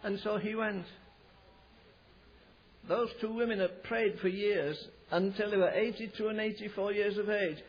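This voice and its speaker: A man preaching a sermon, telling a revival story and acting out the voices of the people in it, building to loud, emphatic climaxes. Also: sits high, fairly even intonation, normal speed, a little hiss or hum. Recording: dull lo-fi recording.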